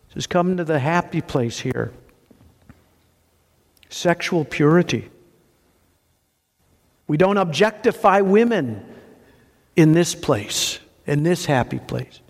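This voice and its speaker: A man preaching a sermon with animated, conversational delivery and a somewhat high voice. He poses rhetorical questions and stacks up lists of words. The sound carries a long reverb, as in a large hall. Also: unhurried, creaky, long pauses. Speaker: pastor.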